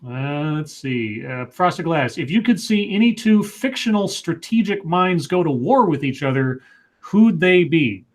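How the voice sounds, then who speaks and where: A man's voice: a little high, lively intonation, a little slow. A man co-hosting a casual live stream, reading out viewer questions with hesitant, stammering restarts.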